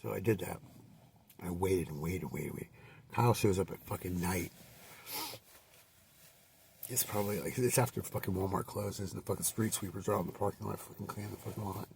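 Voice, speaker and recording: A man's voice: sits low, brisk, gravelly, long pauses, a little mellow, distant mic, slight background noise. A man telling a rambling, profanity-filled personal story with many fillers and restarts.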